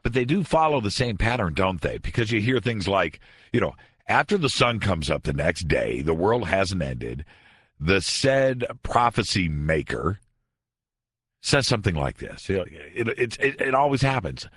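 A man's voice: sits low, big pitch swings, normal speed, a bit bright, slightly rough, dry recording. A man hosting a late-night radio talk show, delivering a sarcastic, conversational monologue from a studio.

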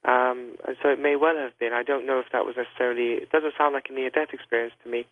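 A man speaks as a guest doctor on a radio call-in, measured and hedging, with frequent fillers. His voice comes through a tinny, narrow phone line. The sound is dry and close. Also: mid-range voice, steady tone, dry recording. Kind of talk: careful explanatory talk over a phone line.

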